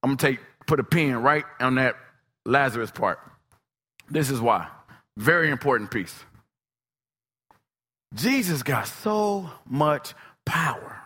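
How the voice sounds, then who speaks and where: A man preaching a sermon, swinging between soft, low asides and shouted, emphatic lines. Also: expressive, measured pace, long pauses, husky, big-room sound.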